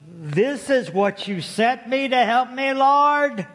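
A man voicing a frantic mother who is locked out of her car, emphatic and high-pitched. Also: unhurried, vocal fry. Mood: exasperated. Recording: long hall reverb.

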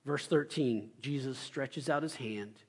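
A young adult male pastor giving a sermon, telling stories with loud excited bursts and quiet asides. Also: mid-range voice, measured pace, breathy edge.

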